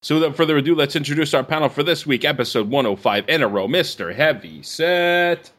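A man's voice: fairly high pitch, fairly quick, a bit bright. A man hosting a casual movie-news podcast, loose and profane, laughing often. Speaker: podcast host.

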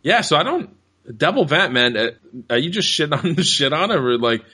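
A man's voice: fairly high pitch, big pitch swings, a little fast, bright, forceful tone, husky. A man hosting a podcast, reading listener comments aloud with a casual, profane manner and frequent laughter. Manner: profane, laughs often, reads tweets aloud. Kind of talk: casual podcast chat over a call.

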